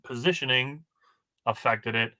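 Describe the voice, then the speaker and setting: A man from Wisconsin talks baseball on a casual podcast, running through plays and numbers from his notes. His voice is bright and forceful, with the odd dry joke. He sits at a middling pitch. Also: measured pace. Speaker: podcast co-host. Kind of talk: casual sports chat.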